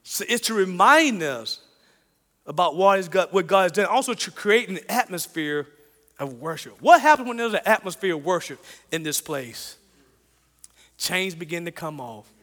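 High, bright-voiced man preaching. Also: normal speed, in a large hall. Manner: animated storytelling, repeats phrases, chuckles. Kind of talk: sermon with personal story.

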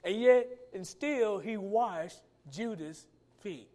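A man preaching a sermon in a colloquial way, stretching out key words for emphasis and dropping to a quiet tone at the ends of lines. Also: high voice, expressive. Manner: preaching with rising and falling emphasis, drawn-out words; colloquial phrasing. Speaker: pastor.

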